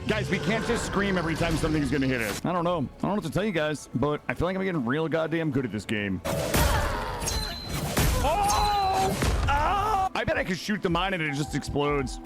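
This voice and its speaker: A young man streaming a game live, talking to his chat in a loud, excitable way with sudden yelps. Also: fairly high pitch, fast talker, loud music behind the voice. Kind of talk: live gaming stream commentary.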